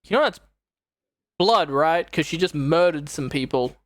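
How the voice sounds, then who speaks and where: A woman's voice: deep voice, measured pace, no room sound. A young woman streaming, giving casual, profane and exasperated reaction commentary on a show. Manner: exasperated, profane, animated retelling.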